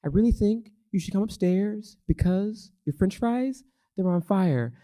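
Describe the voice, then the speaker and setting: A man doing a calm young sister. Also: medium pitch, voice pushed up, close to an everyday voice. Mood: calm warning. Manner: flat, unhurried warning. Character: calm preteen girl, worried sister.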